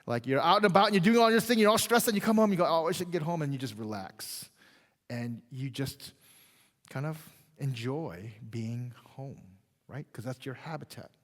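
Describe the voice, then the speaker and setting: A man preaching a sermon as pastor, in a conversational style that keeps checking in with the congregation and swings between loud emphasis and quiet, drawn-out phrases. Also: mid-range voice, lively intonation. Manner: conversational, checks in with "right?" and "okay?". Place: church sanctuary. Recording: long reverb of a church hall.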